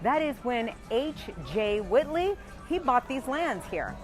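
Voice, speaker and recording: Woman host, bubbly and laughing, high voice, very animated, outdoors on a street, faint music behind. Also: takes it slowly. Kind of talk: lively presenting to camera.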